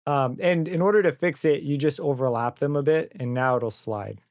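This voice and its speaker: A young man walking through a software synth plugin in a casual tutorial, thinking aloud and correcting himself as he goes. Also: fairly high pitch, normal speed. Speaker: plugin reviewer. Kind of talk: screen-recorded software tutorial. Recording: dry close mic with synth music under it.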